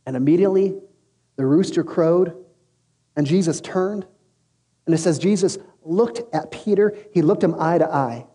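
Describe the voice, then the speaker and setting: Pastor guy telling a bible story casual, high voice, long hall echo. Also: normal speed. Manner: storytelling, casual slang, lively acted quotes. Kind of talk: sermon. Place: large room with an audience.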